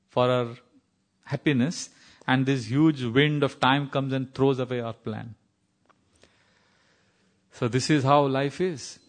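A man from India with an Indian accent, teaching a scripture class, telling stories, quoting Sanskrit verses and laughing at times. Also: mid-range voice. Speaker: spiritual teacher.

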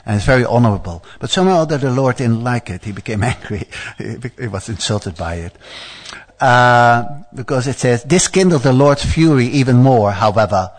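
A man's voice: medium pitch, expressive, brisk. A man leading a scripture class who reads the story aloud and breaks into chatty, stammering asides, with many fillers and playful teasing of his listeners. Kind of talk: scripture reading with commentary.

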